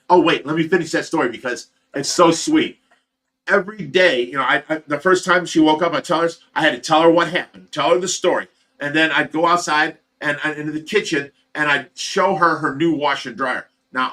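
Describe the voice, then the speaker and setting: A man with an Ohio accent hosting a livestream, telling a long personal story in a rambling, animated way and acting out the voices of the people in it. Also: on the high side. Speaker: livestream host. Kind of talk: casual storytelling.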